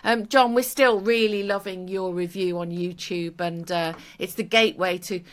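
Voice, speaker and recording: A woman's voice: fairly low pitch, fairly even intonation, normal speed. A woman co-hosting a tech podcast, chatting upbeat and reading listener comments. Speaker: podcast co-host.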